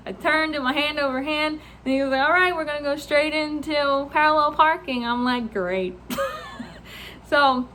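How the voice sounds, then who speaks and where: A young woman vlogger telling a story in a casual, animated way, laughing often, swearing freely and acting out what people said. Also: on the high side, slight background noise.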